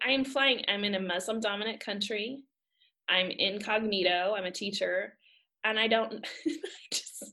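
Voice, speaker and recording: American woman in her 30s telling her story, bright voice, laughs a lot, really animated. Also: medium pitch, creaky. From United States. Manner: animated, laughing often, emphatic. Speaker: guest sharing her faith story. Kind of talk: casual storytelling.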